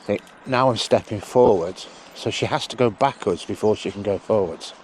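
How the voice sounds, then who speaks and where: A man training a sheepdog out in a sheep field, calmly explaining each step and breaking off to call the dog in a high, loud voice. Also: normal speed, a little hiss or hum. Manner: relaxed explaining, broken by high shouted calls to the dog. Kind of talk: outdoor training demonstration with commentary.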